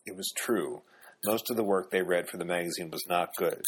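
A male audiobook narrator reading a novel in a measured, even way. His voice is very low and husky. He keeps a steady storytelling manner throughout. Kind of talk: scripted narration.

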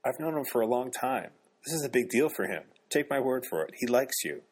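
A man's voice: mid-range voice, big pitch swings, fairly quick, breathy edge, voice pushed up. A man reading an audiobook, raising his voice to play a reassuring young woman friend who speaks in a confiding, persuasive way.

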